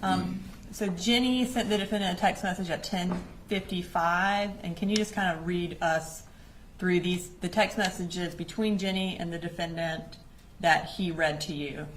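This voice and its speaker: A woman lawyer questioning a witness in court in a measured, prompting way. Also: on the low side, fairly even intonation, slight background noise. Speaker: prosecutor.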